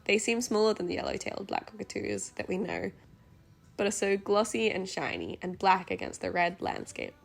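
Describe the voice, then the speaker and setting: A woman narrating a travel vlog as a scripted voice-over, in a gentle, earnest, diary-like way. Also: on the low side, creaky.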